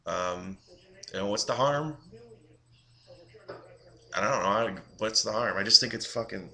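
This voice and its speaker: Bright-voiced man ranting casually. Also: lowish voice, measured pace, vocal fry. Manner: exasperated, profane ranting with mocking quoted voices. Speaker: vlogger. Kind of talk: ranting video blog.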